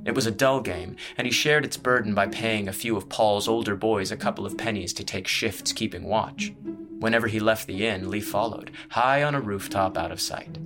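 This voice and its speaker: A man reading a fantasy story aloud as narrator, in a measured, even storytelling delivery. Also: fairly low pitch. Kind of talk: scripted audiobook narration.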